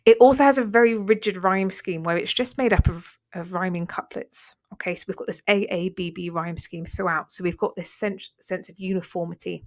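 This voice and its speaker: A woman's voice: lowish voice, brisk, hardly any pauses. A woman teaching a revision lesson, talking through a poem line by line in a conversational way, with fillers and self-corrections. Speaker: English literature teacher.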